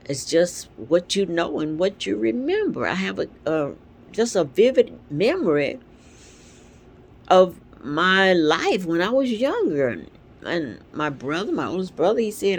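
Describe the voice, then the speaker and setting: A woman with congested sinuses, talking at home in an earnest, rambling way about her spiritual life on her vlog. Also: low-pitched. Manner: earnest, rambling, animated storytelling. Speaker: vlog host. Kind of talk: casual spiritual reflection. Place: at home with a dog nearby.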